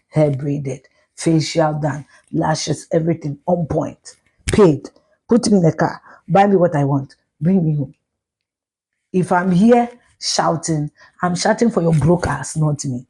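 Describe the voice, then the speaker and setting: A woman's voice: deep voice, unhurried, mellow, slightly rough. A middle-aged woman with a Ghanaian accent, ranting bluntly and profanely on a live stream, switching between Twi and English. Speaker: social media commentator.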